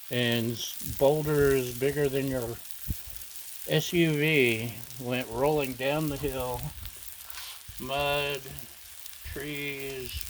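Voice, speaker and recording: A man hosting a casual cooking vlog, talking in a slow, rambling, folksy way with many fillers. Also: medium pitch, a little hiss or hum. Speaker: cooking channel host. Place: outdoor griddle cook station. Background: food sizzling on a griddle.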